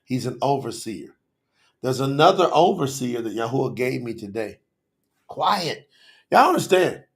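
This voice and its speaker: Gravelly, fired-up man hosting a livestream. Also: medium pitch, unhurried. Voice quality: passionate and excitable, calls out viewers by name. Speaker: livestream host. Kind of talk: lively livestream talk to chat viewers.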